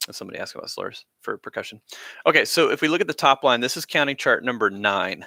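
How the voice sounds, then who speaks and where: A man's voice: medium pitch, expressive, quick pace, gravelly, pushed and bright, no room sound, studio quality. A man teaching a band class on a live stream, talking casually with lots of fillers as he explains rhythms. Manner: casual, rambling, frequent fillers. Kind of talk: live-streamed music lesson.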